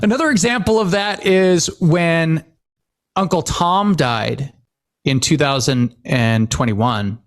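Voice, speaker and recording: A man's voice: fairly high pitch, takes it slowly. A man co-hosting a podcast, telling family stories in a casual chat and laughing often. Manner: animated storytelling, laughs often. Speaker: podcast co-host.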